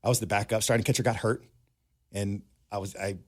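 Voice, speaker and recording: A man in his thirties, a former pro ballplayer, telling animated anecdotes in a casual interview. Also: on the low side, brisk. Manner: animated anecdotes, acts out quoted dialogue. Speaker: former pro baseball player, guest.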